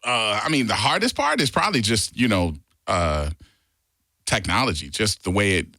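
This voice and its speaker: Animated man telling a story. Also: lowish voice, normal speed, no echo. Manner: animated storyteller, acts out quotes loudly. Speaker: radio DJ guest. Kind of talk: casual studio chat. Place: radio studio.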